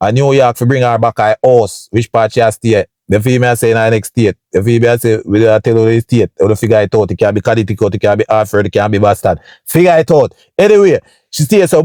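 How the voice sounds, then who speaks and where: Jamaican guy spinning a storytime tale, middle pitch, dry close sound, keeps asking "you see me". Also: a little mellow, no echo. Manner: chatty, keeps addressing viewers with "you see me" and "people"; acts out sounds and voices with big jumps up in pitch. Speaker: storytime vlogger. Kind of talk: casual storytelling to camera.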